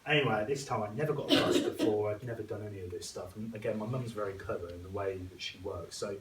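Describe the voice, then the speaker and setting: Speaking fast in a fairly low voice, a young man addresses an audience as guest speaker in a school hall, joking at his own expense and acting out other people's words. The hall echoes, he is picked up from a distance, and there is slight background noise.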